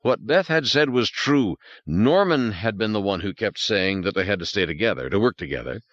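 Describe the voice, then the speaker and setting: A male narrator with a deep, low voice reads a thriller with a dramatic, suspenseful delivery and wide swings in pitch. The recording is dry and close, with a slightly dull, muffled top end. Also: lively intonation, normal speed, fairly bright tone, no echo. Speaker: audiobook narrator. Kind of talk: scripted narration.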